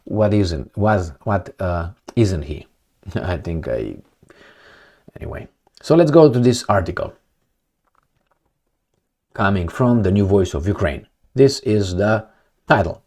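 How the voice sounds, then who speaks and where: Man, lowish voice, sarcastic, rambling, fillers, casual monologue. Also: sing-song, slow, long pauses, darkish tone. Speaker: political commentator.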